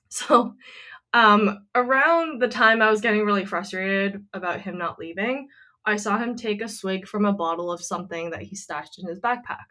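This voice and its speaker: A woman's voice: medium pitch, normal speed, sharp tone. A woman co-hosting a casual podcast, retelling a friend's story in a chatty way with lots of fillers. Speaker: podcast co-host.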